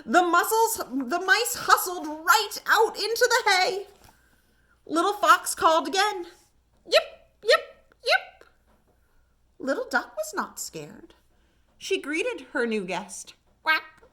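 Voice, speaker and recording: A woman working as a children's librarian, reading a picture book aloud with gentle, expressive storytime delivery. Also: very high voice, slow.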